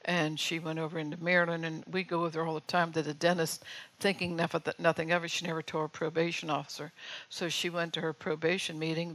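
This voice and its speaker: An older woman giving a sermon with a gravelly, flat voice. She keeps it conversational and keeps checking that her listeners are with her. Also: low voice, poor audio. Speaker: preacher.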